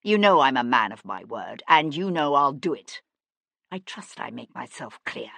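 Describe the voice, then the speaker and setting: A woman's voice: extremely low pitch, very animated, moderate pace, vocal fry, a bit bright, no echo, voice pushed down, full character voice. A woman voicing a cold, stern young nobleman who speaks in a clipped, threatening way. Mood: menacing.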